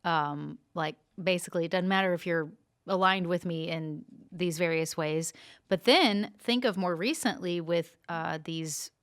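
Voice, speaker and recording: A woman's voice: fairly low pitch, fairly bright tone, clean tone. A woman co-hosting a podcast, chatting casually and thinking aloud as she talks. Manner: thinks aloud, with fillers and pauses. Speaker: podcast co-host.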